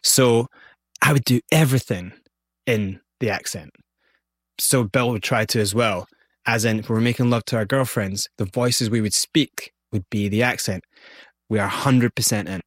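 A man with a Scottish accent, telling animated stories as an interview guest. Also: lowish voice, moderate pace, no echo, clean studio sound. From Scotland. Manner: animated, vivid storyteller. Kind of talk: storytelling interview.

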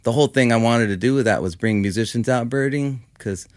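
Speaking fairly quickly, a Los Angeles musician in his fifties chats loosely in an interview, peppering his talk with "like" and "you know." His voice is mid-range, recorded with no room sound.

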